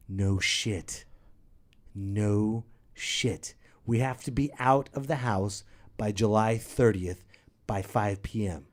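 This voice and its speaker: A man hosting a podcast, telling a comic story as an exasperated rant that breaks into yelling, close to a studio microphone. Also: lowish voice, slow. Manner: exasperated, animated, bursts into yelling. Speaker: podcast host.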